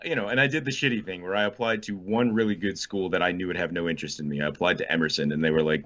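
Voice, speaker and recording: A man's voice: sits low, racing, hardly any pauses, fairly bright tone. A man around forty co-hosting a podcast, chatting casually and rambling through stories with restarts. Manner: rambling, storytelling, frequent restarts. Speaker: podcast co-host. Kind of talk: casual chat. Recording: dull lo-fi podcast audio.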